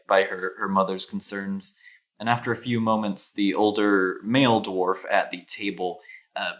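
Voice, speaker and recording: A man's voice: sits low, fairly bright tone. A man narrating a tabletop fantasy game as game master, hesitant, with many ums and restarts.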